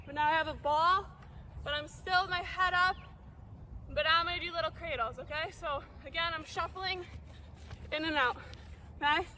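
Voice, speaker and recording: Showing drills on an outdoor field as she moves, a young lacrosse coach explains as she goes and often checks in with "okay?" Her very high, bright, pushed voice moves at normal speed with long pauses, over slight background noise.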